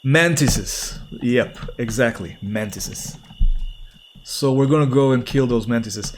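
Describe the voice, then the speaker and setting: A man's voice: medium pitch, takes it slowly, a little hiss or hum. A man streaming a game, talking casually and playfully as he reacts to what happens. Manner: chatty and playful, reacting aloud as he plays. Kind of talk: casual gameplay commentary.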